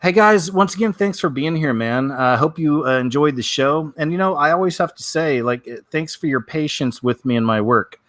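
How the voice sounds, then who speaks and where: A man's voice: on the high side, normal speed, hardly any pauses, a bit bright, dry recording. Dry-voiced man doing wry news chat. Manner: wry, offhand, many fillers. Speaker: host of a weekly news show. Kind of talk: casual news commentary.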